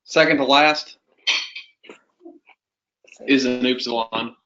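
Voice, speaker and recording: A man's voice: mid-range voice, steady tone, slow, pushed and bright, a little hiss or hum. A man teaching a Greek class, patiently quizzing students with prompting questions. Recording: muffled lo-fi classroom recording.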